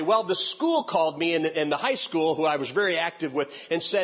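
A man, a youth pastor and speaker, telling a funny story in an animated way and acting out each person's voice. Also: a little high, brisk, hardly any pauses. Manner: animated, acts out every voice. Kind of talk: comic storytelling talk. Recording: dull lo-fi recording.

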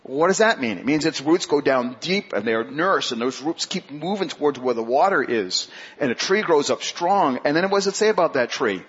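A male pastor preaching a sermon, who asks the congregation questions and slows down to stress key phrases. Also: a little high, animated, breathy edge. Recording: dull lo-fi sermon recording.

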